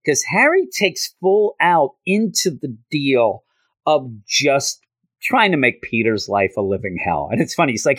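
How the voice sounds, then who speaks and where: A man hosting a podcast, casually recapping a comic with an animated delivery and quick high-pitched character voices. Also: no echo. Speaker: podcast host.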